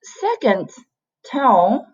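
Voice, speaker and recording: A woman's voice: fairly high pitch, very animated, darkish tone, breathy edge, lo-fi sound. A woman from China, a native Chinese speaker, teaching an online Chinese lesson and patiently repeating each sound for learners. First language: Mandarin Chinese. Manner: slow, patient, demonstrates sounds by repeating them.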